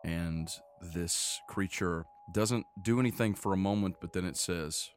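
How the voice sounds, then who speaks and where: Low-voiced male game master, steady scene narration. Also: a little hiss or hum. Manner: descriptive, steady narration with quick asides.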